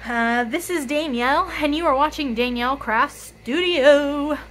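A young woman in her twenties with a hoarse, raspy voice, chatting casually to camera, often apologizing and counting money out loud. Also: high-pitched, a little slow, poor audio. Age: 20s. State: hoarse, voice tired. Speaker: budgeting YouTuber.

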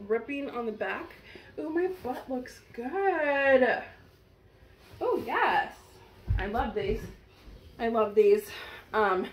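A young woman vlogger chatting casually to her viewers as she tries on clothes at home, gushing and talking straight to camera. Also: a little high. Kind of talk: casual try-on haul chat.

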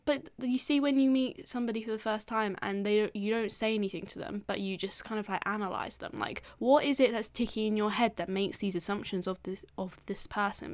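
A young woman co-hosting a podcast, rambling and giggling through casual chat with many fillers. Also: mid-range voice. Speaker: podcast co-host.

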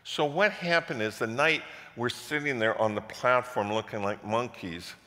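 A man preaching as a pastor, telling a story with repeated words and loud passionate peaks. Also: medium pitch, moderate pace. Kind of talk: sermon storytelling. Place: church sanctuary. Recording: echoey church hall.

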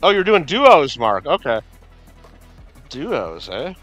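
A man's voice: on the high side, sing-song, slow, a bit bright, no echo, muffled recording, soft background music. A man hosting a game livestream, rambling casually and answering viewers by name. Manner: rambling, chatty, talks to chat by name. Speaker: livestream host. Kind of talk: casual gameplay livestream chat.

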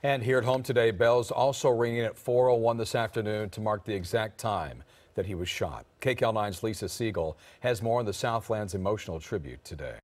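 A man's voice: on the low side, brisk, darkish tone. A man anchoring TV news with formal newsreader delivery. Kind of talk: scripted news reading.

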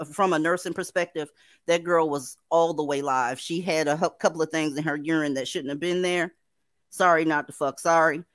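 A woman's voice: low voice, no echo. A woman hosting a livestream, talking bluntly and sardonically to her viewers. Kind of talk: livestream commentary.

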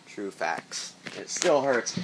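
A vlogger with a lowish, sing-song voice talks slowly in a casual late-night vlog, rambling, joking, and repeating himself. He records indoors on a tablet's built-in mic in his dark house during a power outage, with a noisy background.

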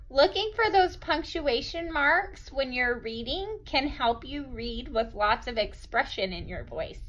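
A woman's voice: a little high, fairly bright tone, rough recording. A woman teacher giving a reading lesson for children, cheerful and encouraging.

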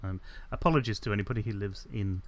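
A man giving casual commentary while playing a building game. He rambles and corrects himself, fills pauses with ums, and adds dry, self-mocking asides. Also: fairly low pitch, darkish tone, a little hiss or hum. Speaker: let's play host.

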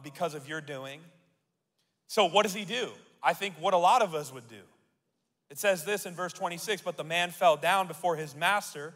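A male pastor preaching a sermon, reading scripture aloud and building to loud declarations. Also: a little high. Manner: reads scripture aloud and asks the crowd to repeat. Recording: long hall reverb.

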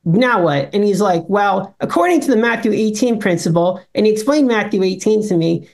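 Slangy young man telling a lively story. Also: brisk, creaky. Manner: slangy, acts out quoted voices with big pitch jumps. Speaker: congregation member. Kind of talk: casual storytelling testimony. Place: congregation bible study room.

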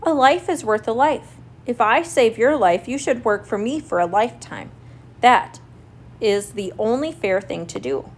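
Shrewd little mouse, crafty and persistent, brighter pitch, a woman reading it, storybook. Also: expressive, a little slow, a little hiss or hum. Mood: bargaining. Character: clever little male mouse, shrewd bargainer.

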